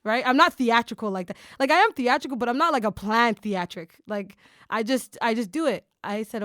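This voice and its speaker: A woman's voice: a little high, a little fast, no room sound, studio quality. A woman hosting a podcast in casual chat, talking in enthusiastic bursts with lots of fillers. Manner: animated, enthusiastic, talks in bursts with many fillers. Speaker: podcast host.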